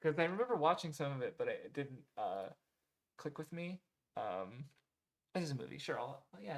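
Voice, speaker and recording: A man's voice: mid-range voice, big pitch swings, moderate pace. A man talking casually to viewers, rambling with lots of "um" and "like", correcting himself mid-sentence and swearing now and then. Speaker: streamer reading viewer recommendations.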